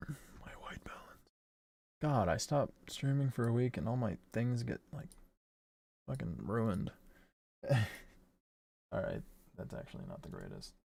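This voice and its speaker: Gravelly, lively-voiced male streamer. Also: mid-range voice, slow pace, long pauses. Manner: rambling, self-correcting, swears and laughs often. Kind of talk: casual livestream thinking aloud.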